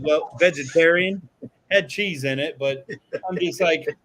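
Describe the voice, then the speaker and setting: A man's voice: on the high side, unhurried, fairly bright tone, slight background noise. A man co-hosting a casual talk show, telling profane, laid-back stories from a studio. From Florida. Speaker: podcast co-host. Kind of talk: casual chat.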